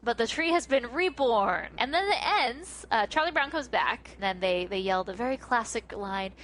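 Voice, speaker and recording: A woman's voice: fairly high pitch, animated, normal speed, fairly bright tone, a little hiss or hum. Chatty woman podcast co-host. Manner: chatty and reflective, frequent fillers. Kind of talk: casual podcast chat.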